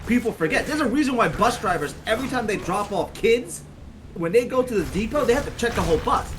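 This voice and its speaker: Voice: medium pitch, expressive, fast talker. A gamer ranting animatedly in casual chat over gameplay, swearing a lot. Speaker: gameplay commentator. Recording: noisy recording.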